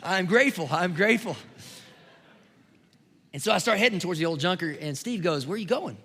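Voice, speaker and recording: A man preaching a sermon as pastor, telling a personal story in an animated way that builds to emphatic preaching. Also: sits high, rapid-fire, creaky, slightly rough. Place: church sanctuary. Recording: long hall reverb.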